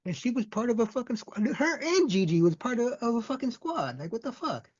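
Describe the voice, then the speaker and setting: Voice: mid-range voice, very animated, brisk, breathy edge. A podcast co-host chiming in during casual chat, agreeing and swearing freely. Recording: dull lo-fi audio.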